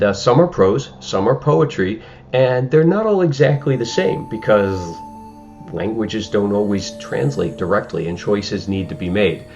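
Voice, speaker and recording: Low-voiced male teacher giving a lesson. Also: dull audio. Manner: explanatory, conversational with frequent fillers. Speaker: high school English teacher. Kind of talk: recorded remote lesson.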